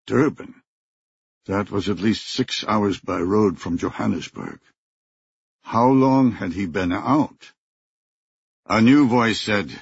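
A man narrating a thriller audiobook in a steady, measured way. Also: lowish voice, creaky, slightly rough, dry recording. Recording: dry, dull lo-fi recording.

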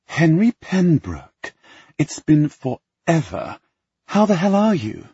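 A man with a raspy voice playing a brash, dramatic young noblewoman, pushed high and loud, in a dull, dry recording. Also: very animated, slow, no room sound, exaggerated voice.

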